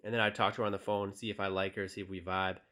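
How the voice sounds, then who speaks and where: A man's voice: lowish voice, racing. A young man coaching on dating, talking casually with many fillers and reading text messages aloud. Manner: relaxed, direct, many fillers. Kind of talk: casual tutorial talk, reading texts aloud.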